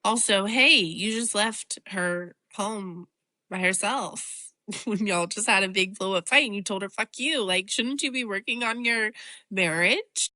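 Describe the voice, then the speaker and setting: Woman, podcast co-host, bright voice, dry close mic, expressive. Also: medium pitch, measured pace, no echo. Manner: expressive, laughs often, swears freely. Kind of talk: casual chat recapping a reality show.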